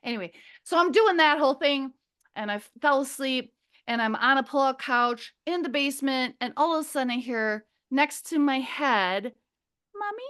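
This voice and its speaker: Middle-aged woman, from Minnesota, high voice, rambling storyteller, acts out what people said. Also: normal speed, smooth. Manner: rambling, animated, searches for words, acts out quotes. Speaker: podcast guest. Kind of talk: casual storytelling.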